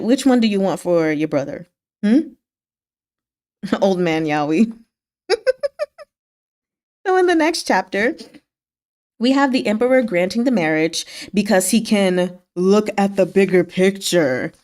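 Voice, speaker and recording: A woman hosting a casual book chat, recapping chapters in a chatty, wry way, laughing often and acting out quick lines from the story. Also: fairly low pitch, lively intonation. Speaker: book discussion host.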